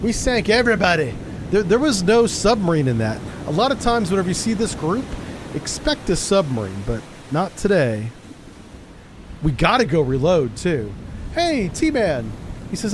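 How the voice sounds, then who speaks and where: A man streams a game and keeps up casual, joking commentary as he thinks out loud. His voice sits fairly high and swings up and down in a lively way. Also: normal speed, background noise.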